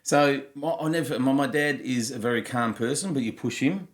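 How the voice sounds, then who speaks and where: Blunt, animated man in his fifties. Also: mid-range voice, brisk. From Germany. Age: 50s. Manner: blunt, swears freely, animated storyteller. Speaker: podcast co-host. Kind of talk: casual storytelling chat.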